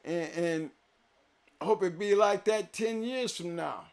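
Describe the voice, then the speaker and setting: A man hosting a live stream, talking to his viewers in an emphatic, preachy way, repeating his points and swinging between loud declarations and quiet reflection. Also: sits high, a little slow, clear, resonant tone. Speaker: show host.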